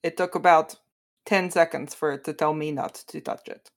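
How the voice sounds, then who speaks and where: A woman plays a stern woman warrior in a tabletop game who wields a spear. Her voice sits fairly low, and her speech is formal and measured, with no contractions. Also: fairly even intonation. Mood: calm prodding.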